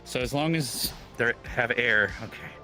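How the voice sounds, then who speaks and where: A man's voice: medium pitch, a little slow, sharp tone, faint music behind. A man playing a medic in a casual roleplay, talking hesitantly, asking many questions to clarify and often sighing. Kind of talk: casual in-character roleplay chat.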